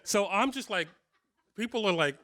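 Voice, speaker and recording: A man's voice: high voice, expressive, normal speed, bright, forceful tone. A man in his fifties telling rambling, self-deprecating stories at a guitar clinic, with many restarts. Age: 50s. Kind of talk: casual storytelling to a live audience. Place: guitar shop clinic room.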